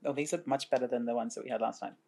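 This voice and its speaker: A man's voice: mid-range voice, fairly even intonation, rapid-fire, creaky, warm tone, slight background noise. A man hosting a casual podcast chat, making dry, teasing quips. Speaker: podcast host.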